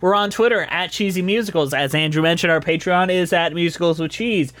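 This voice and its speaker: A man's voice: on the high side, fairly quick, a bit bright, no echo. A young man co-hosting a podcast in casual chat, playful, laughing often and swearing. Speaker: podcast co-host.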